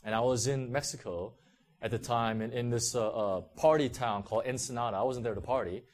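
A man's voice: mid-range voice, steady tone, a little fast. A man preaching a sermon in a conversational way, giving a personal testimony with many fillers and restarts. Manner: conversational, heavy use of "you know" and restarts.

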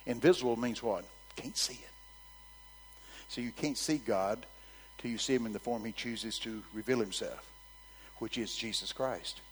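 A man's voice: medium pitch, normal speed, pauses often, in a large hall, a little hiss or hum, poor audio. A man preaching a sermon, telling stories with animation and calling out to his congregation. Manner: animated storytelling, calls out to the congregation.

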